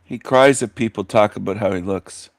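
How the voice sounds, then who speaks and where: A man's voice: on the low side, normal speed, vocal fry, no echo. Sneering middle-aged man, dry close mic. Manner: crude, sneering, insulting. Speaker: host. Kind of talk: mocking reaction commentary.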